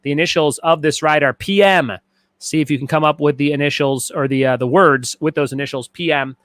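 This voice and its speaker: Joking trivia host reading viewer comments. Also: male voice, on the high side, a little fast, a bit bright, dry recording. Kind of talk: casual livestream trivia hosting. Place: home garage.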